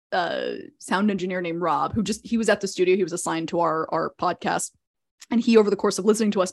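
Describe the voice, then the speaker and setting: A woman guest on a podcast, chatting casually and telling stories with quick asides. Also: on the low side. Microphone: proper podcast microphone.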